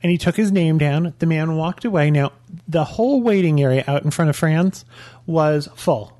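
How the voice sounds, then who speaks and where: A man's voice: fairly high pitch, normal speed, warm tone. A man giving a blunt, opinionated restaurant review on a casual podcast. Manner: blunt, opinionated, lists menu items. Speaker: dining reviewer.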